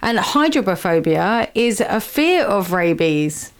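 A woman's voice: medium pitch, big pitch swings, slow, a little hiss or hum. A woman hosting a community radio chat show, chatty and upbeat, laughing easily with her guests.

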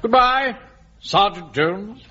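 A man's voice: high voice, animated, slow pace, sharp tone, full character voice. A man playing a pompous, self-important middle-aged bank manager and platoon captain. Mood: self-satisfied. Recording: dull lo-fi radio recording with hiss.

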